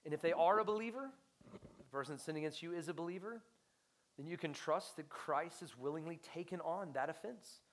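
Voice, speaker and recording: A young adult man preaching a sermon as pastor, passionate, rising to loud emphasis and dropping to hushed near-whispers. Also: on the high side, brisk.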